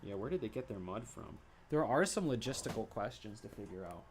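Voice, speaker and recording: A man's voice: on the low side, lively intonation, a little fast, a little hiss or hum. Rambling, playful man chatting while drawing. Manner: rambling, playful, sings silly made-up ditties. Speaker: artist streaming his drawing. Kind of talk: casual livestream chat while drawing. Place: home studio at a drawing desk.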